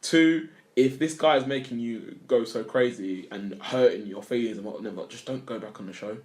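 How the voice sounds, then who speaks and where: A man's voice: medium pitch, moderate pace, a little mellow. A young man, co-hosting a casual podcast chat, blunt and ranting, with a bit of swearing. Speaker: podcast co-host.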